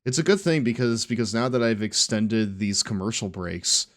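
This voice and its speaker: A man's voice: lowish voice, expressive, normal speed. A young man in his twenties chatting casually and laughing while he streams a video game, rambling with lots of fillers. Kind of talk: casual chat while gaming.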